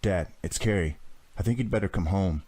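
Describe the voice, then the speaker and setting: A man's voice: low-pitched, fairly quick, darkish tone. A man reading the lines of a tired, shaken teenage boy. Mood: weary. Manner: tired and subdued.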